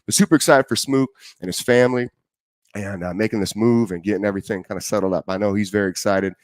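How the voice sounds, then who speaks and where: Guy running a live stream, lowish voice, dry close sound, shouting out chat names. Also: fairly even intonation, fast talker, dry recording. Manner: chatty, greets viewers by name, trails off while setting up. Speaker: live stream show host.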